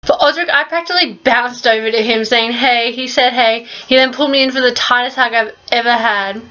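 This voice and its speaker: A young woman narrating her vlog in a voice-over, telling an excited fan story with casual swearing. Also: on the high side, a little fast, dull audio, slight background noise. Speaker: vlogger.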